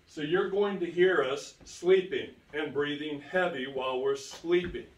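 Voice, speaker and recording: A man's voice: on the high side, unhurried. A man giving a public lecture, telling stories to an audience and repeating key phrases for emphasis. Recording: roomy sound, distant from the mic.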